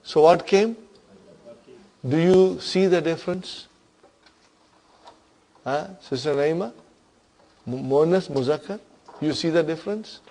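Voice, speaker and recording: A man's voice: on the high side, takes it slowly, long pauses, darkish tone. A man teaching an Arabic grammar class, patiently explaining terms and often checking that his students follow.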